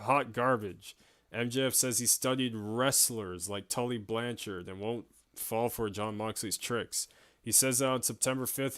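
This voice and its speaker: A man's voice: medium pitch, clear, resonant tone, no room sound, studio quality. A young man giving a casual, chatty recap of a wrestling show, with frequent laughs and fillers.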